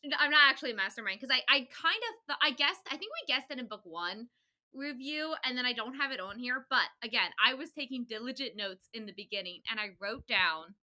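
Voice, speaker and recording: A young woman with a very bright, sharp and fairly high voice chats as a podcast co-host. She rambles through her thoughts with frequent "like" and quick laughs, in a casual tone. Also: lively intonation. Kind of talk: casual book chat.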